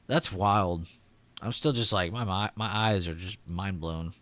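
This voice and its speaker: A man's voice: low voice, a little slow, a bit bright, dry recording. A young man hosting a live trading stream, chatting casually, reading comments and laughing often. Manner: chatty, reads chat aloud, laughs often. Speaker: livestream trading host.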